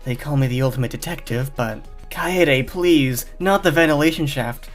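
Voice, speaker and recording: A man's voice: medium pitch, normal speed, faint music behind, lightly acted. A man doing a stammering, timid young detective. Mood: nervous. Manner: stammering, pleading. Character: timid young male detective turned murderous.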